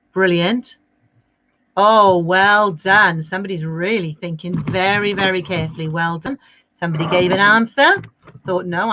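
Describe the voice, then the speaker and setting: A woman's voice: fairly low pitch, noisy background. A woman teaching a livestreamed maths lesson to young children, cheery and coaxing in a sing-song teacher voice. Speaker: primary school maths teacher.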